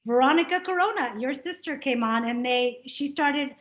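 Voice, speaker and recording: A woman's voice: high voice, moderate pace, a bit bright, rough recording. A woman facilitating a business workshop, speaking in an encouraging, conversational way. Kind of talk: workshop discussion.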